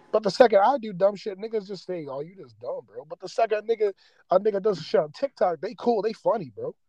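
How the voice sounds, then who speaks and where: A podcast host rants in a rambling, casual way, full of raw emotion and heavy profanity. His voice is high-pitched and mellow, recorded without echo but at low quality.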